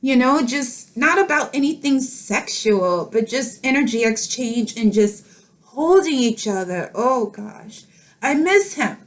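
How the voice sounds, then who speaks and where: A middle-aged woman speaking to camera in a tender, emotional personal vlog, laughing softly through tears as she talks. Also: on the high side, animated, measured pace. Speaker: vlogger.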